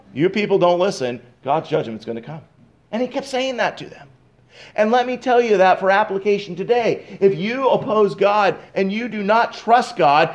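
High-voiced preacher with dynamic delivery. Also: male voice. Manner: dynamic, swings loud and soft, reads scripture slowly. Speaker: pastor. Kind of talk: expository sermon.

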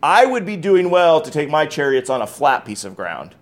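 A man's voice: fairly high pitch, sing-song, normal speed. A man preaching a sermon, emphatic and repeating key phrases, with conversational asides between scripture readings. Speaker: pastor.

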